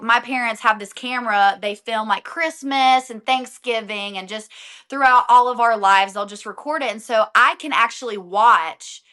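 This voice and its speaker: Bright-voiced woman singer chatting. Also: on the high side. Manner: animated, laughs often, trails off. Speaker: guest singer. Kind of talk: casual interview chat.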